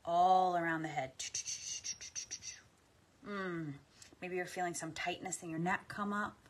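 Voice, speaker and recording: A woman guiding a tapping meditation, speaking affirmations slowly and softly with deep sighs between them. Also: steady tone, slight background noise. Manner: slow, soft and soothing, with frequent deep sighs. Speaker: guided tapping practice leader.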